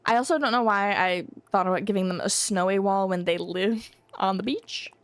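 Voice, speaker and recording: A young woman with a mid-range voice streams a video game from home at a moderate pace, with no echo in the sound. She thinks aloud in casual, rambling live-stream chatter and hums to herself as she plays.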